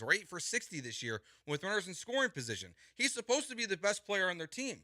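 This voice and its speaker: A man's voice: fairly high pitch, bright, forceful tone, no echo, clean studio sound. A man hosting sports talk radio, arguing his point in an emphatic, exasperated way and repeating words for stress.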